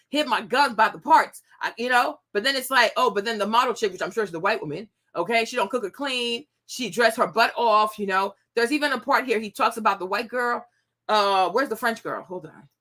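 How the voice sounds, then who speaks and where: A woman in her thirties hosting a commentary show, talking casually to viewers, animated and repetitive, often laughing. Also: fairly high pitch, normal speed.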